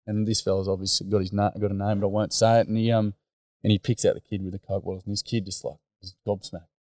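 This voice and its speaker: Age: adult. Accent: Australian. Role: teacher and mentor, podcast guest. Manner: casual, blokey storytelling with "mate" and fillers. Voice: low, warm, flat and even. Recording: dry, close. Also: male voice, fast talker, no room sound.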